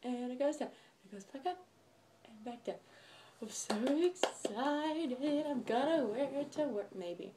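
A young woman vlogs straight to her viewers in a casual, chatty way, bubbly and gushing as she rambles from thought to thought. Her fairly high voice is expressive at a moderate pace, with background noise audible.

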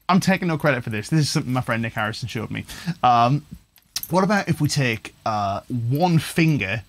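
A man's voice: medium pitch, a bit bright, no room sound. A man giving a chatty, enthusiastic livestream guitar lesson, thinking aloud with fillers. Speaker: guitar teacher. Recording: guitar playing in background.

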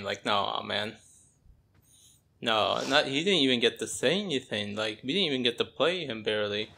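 A man's voice: on the low side, normal speed. A man hosting a gaming channel who reacts to gameplay in outbursts, exasperated and repeating himself. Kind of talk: let's play reaction commentary. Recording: game music playing loudly behind the voice. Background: game music.

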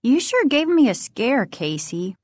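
A woman's voice: on the high side, big pitch swings, measured pace, no echo, voice pushed up. A woman voicing an anxious, protective older sister in a storybook reading, giving urgent, worried warnings. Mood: relieved.

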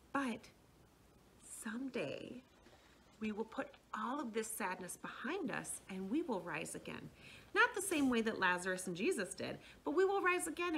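A young woman who leads children's faith classes, gently telling a Bible story to children and often checking in with them. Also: fairly high pitch, vocal fry, a little hiss or hum. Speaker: children's faith formation director.

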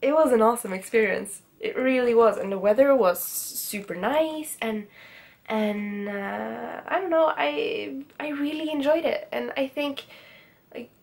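Out in the countryside, a student vlogger in her twenties talks excitedly into a handheld camera, laughing a lot in this casual vlog chat. Her voice is slightly high, unhurried, gravelly and a bit mellow.

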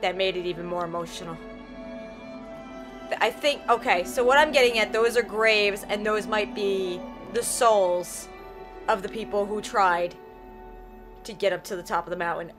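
A woman's voice: mid-range voice, normal speed, pauses often. A young woman giving let's play commentary, emotional and exclaiming as she talks to herself through the game. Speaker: gaming streamer. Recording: game music behind voice.

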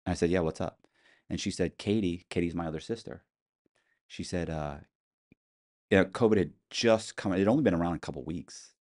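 Deep-voiced man telling stories. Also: fairly quick, long pauses, a little mellow. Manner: matter-of-fact, rambling, many restarts. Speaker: interview guest. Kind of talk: casual storytelling interview.

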